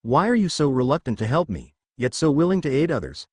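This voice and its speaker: A wise, wry old wizard headmaster, courteous and measured, as a man reads him. His mid-pitched voice moves freely up and down. The recording is close and dry. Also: very animated, slightly rough, no room sound. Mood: puzzled.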